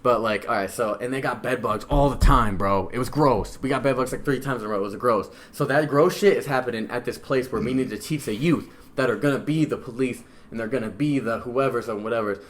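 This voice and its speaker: A man's voice: medium pitch, fairly quick, hardly any pauses. A young man with a Midwestern American accent, talking as a podcast guest in a loose, rambling way full of slang and swearing. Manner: rambling, slangy and profane, keeps saying bro; drinking beer while talking. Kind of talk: casual conversation.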